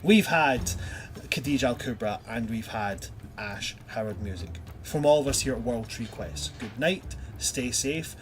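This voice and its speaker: A man's voice: medium pitch, unhurried, slight background noise. A man hosting a tabletop game stream as game master, chatting loosely and energetically, with swearing and laughter. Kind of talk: casual end-of-stream chat.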